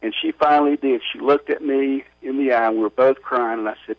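A man telling his story as a guest in a radio interview, earnest and halting with many restarts. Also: medium pitch, steady tone, no room sound. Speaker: author and guest. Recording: muffled radio audio.

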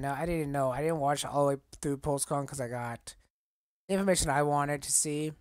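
A man in a casual collecting vlog, talking haltingly and getting choked up, rambling with many fillers. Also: on the high side, no room sound, clean studio sound. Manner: halting, emotional, choked up at times. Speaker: collector vlogger.

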